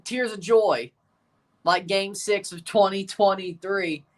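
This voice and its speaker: Young male streamer, slightly hoarse, casual play-by-play over a live match. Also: high-pitched, slow. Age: 20s. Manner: chatty, running play-by-play asides. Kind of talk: livestream watchalong commentary.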